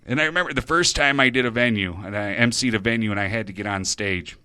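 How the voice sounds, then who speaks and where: A man's voice: on the low side, quick pace, pushed and bright, clear, resonant tone. A middle-aged man hosting an internet radio show, rambling nervously about himself in a confessional monologue, stumbling and restarting his sentences.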